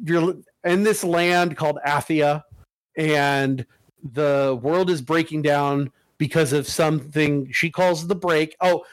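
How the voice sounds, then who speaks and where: A man's voice: a little high, no room sound. A man hosting a casual podcast chat, rambling and profane, with many restarts.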